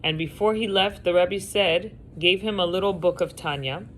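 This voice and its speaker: A woman teaching a class, telling a story with lively delivery over a video call from home. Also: on the low side, normal speed, slight background noise, low-quality recording. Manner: animated storyteller, acting out quotes.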